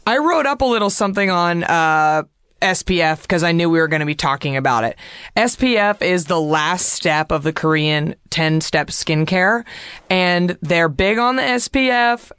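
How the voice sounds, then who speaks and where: A woman's voice: fairly low pitch, animated, moderate pace, fairly bright tone, clear, resonant tone, no room sound, clean studio sound. A woman hosting a casual chat, brash and jokey, swearing freely. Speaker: podcast host.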